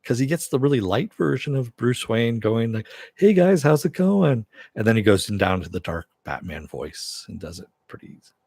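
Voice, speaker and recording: A man's voice: lowish voice, brisk, darkish tone, husky, no echo. A man hosting a casual live stream, reading viewer comments aloud and rambling with a self-deprecating chuckle.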